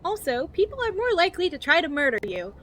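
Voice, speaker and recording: A woman's voice: extremely high pitch, big pitch swings, fast, fairly bright tone. A woman streamer reading game text aloud in a cheery infomercial-style voice and giggling often.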